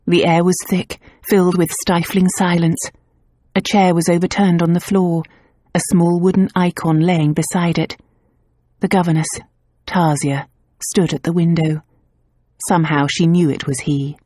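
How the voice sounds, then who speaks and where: Reading from a romance novel, a lowish-voiced woman narrates an audiobook script with calm, even pacing and a steady storytelling manner.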